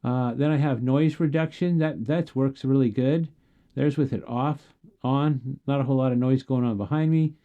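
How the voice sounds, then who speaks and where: A man's voice: mid-range voice, normal speed, muffled recording. Casual, jokey man demoing gear. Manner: casual, jokey, asks listeners questions. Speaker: gear reviewer. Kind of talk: product demo talk.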